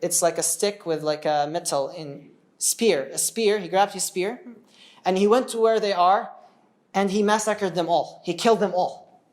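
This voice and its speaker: A man's voice: high voice, normal speed. Male teacher, casual storytelling lesson; conversational, wanders off topic, checks in often. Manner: conversational, digressive, checks in with the listener. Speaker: teacher of religious stories.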